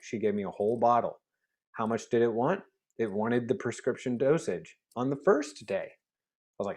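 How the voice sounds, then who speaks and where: Man, casual interview guest, animated storyteller, video call, medium voice. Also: medium pitch, moderate pace. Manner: chatty, animated, laughs often, acts out dialogue. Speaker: guest facilitator.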